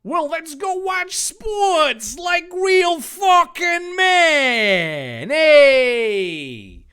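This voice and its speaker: A man voicing a loud, overexcited young male hero who shouts his lines. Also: very high voice, big pitch swings, drawn-out words, pitched above the performer's own voice, heavily acted. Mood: excited.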